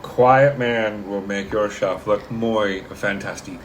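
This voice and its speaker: A man's voice: lowish voice, fairly even intonation, slow pace. Guy swearing and ribbing his cohost over whiskey, faint hiss behind. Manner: crude, swearing, teasing jokes. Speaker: whiskey tasting co-host. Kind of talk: casual tasting chat.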